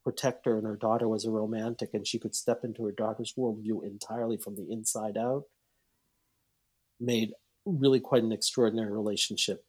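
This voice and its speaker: A man, a psychologist and author guesting on a podcast, telling a story in a rambling, animated way and acting out the quotes. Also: on the low side, brisk, husky. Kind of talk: storytelling in a casual interview.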